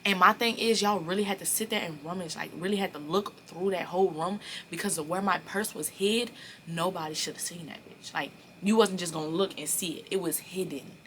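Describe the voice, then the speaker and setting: A woman in her early twenties telling a personal story in a casual, animated and profane way, acting out the dialogue. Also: lowish voice, brisk, slight background noise. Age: early 20s. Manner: animated, blunt and profane, acts out quoted dialogue. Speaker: storyteller vlogger.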